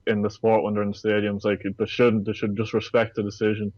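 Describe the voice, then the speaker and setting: A man speaking in a low, flat, even voice as a podcast guest, laying out his opinions steadily. The sound is muffled and dry, with no room echo. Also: brisk. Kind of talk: casual chat.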